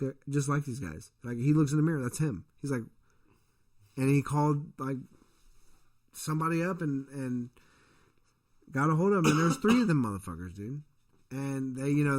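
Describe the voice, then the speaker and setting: A man who is a father, co-hosting a casual podcast, telling a story in a rambling, profane way and acting out the people in it. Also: medium pitch. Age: adult parent. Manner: profane, rambling storyteller, acts out quoted voices. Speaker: podcast co-host.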